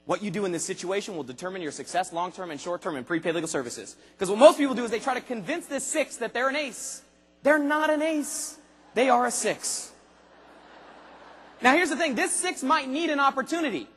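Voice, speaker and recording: A man giving an energetic convention speech, firing punchy questions at the audience and sometimes bursting into shouts. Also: very high-pitched, breathy edge. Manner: rapid-fire questions to the audience, punchy and emphatic. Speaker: motivational speaker at a sales convention. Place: large convention hall. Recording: long hall reverb.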